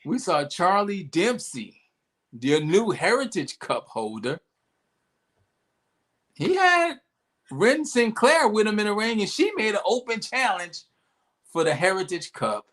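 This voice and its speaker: A young man co-hosting a podcast, recapping wrestling in lively casual chat with playful asides. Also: sits high, measured pace, pauses often. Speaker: podcast co-host.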